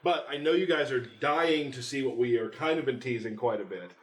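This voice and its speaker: A man hosting a live game stream from a studio, presenting in a halting way and correcting himself as he goes. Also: medium pitch. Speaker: stream host.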